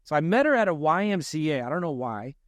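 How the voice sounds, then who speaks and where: A man's voice: fairly high pitch, very animated, fast, no echo. A man, a real estate investor, telling a story in a podcast interview, self-deprecating and acting out the lines he quotes.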